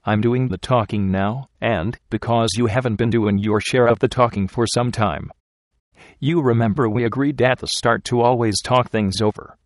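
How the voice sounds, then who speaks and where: A man voicing a loving young wife who gently coaxes her husband to confide in her. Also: mid-range voice, fairly even intonation, moderate pace, no room sound, studio quality, close to an everyday voice. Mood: coaxing. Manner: gentle, coaxing and earnest.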